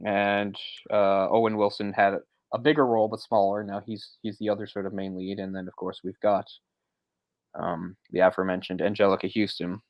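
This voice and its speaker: A man's voice: on the low side, level tone, a little fast, dry recording, lo-fi sound. A man co-hosting a movie discussion podcast, talking in a rambling, self-correcting way with frequent chuckles. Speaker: podcast co-host.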